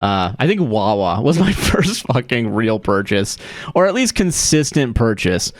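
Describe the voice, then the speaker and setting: A young man streams a game and talks casually, rambling from one thing to the next and swearing as he goes. His voice sits at an ordinary middle pitch and he laughs often. Faint game music plays quietly behind him. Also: sing-song, measured pace, no echo. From Florida. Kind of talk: casual livestream chat while gaming.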